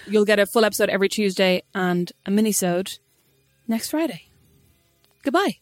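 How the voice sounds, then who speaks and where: A young woman co-hosting a podcast, chatting with her sister in a quick, opinionated and dryly witty way, then reading the show's sign-off. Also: mid-range voice, animated, no echo, soft background music. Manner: quick, opinionated, dry wit. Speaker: podcast co-host. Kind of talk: casual chat, podcast sign-off.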